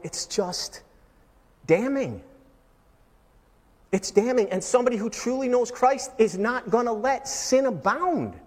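A man preaching a sermon as pastor, emphatic, swinging from booming lines to hushed ones. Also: expressive, takes it slowly, long reverb tail.

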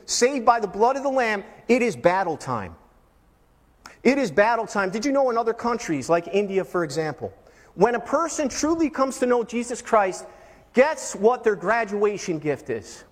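A man preaching a sermon as pastor, emphatic, swinging from booming lines to hushed ones. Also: big-room sound.

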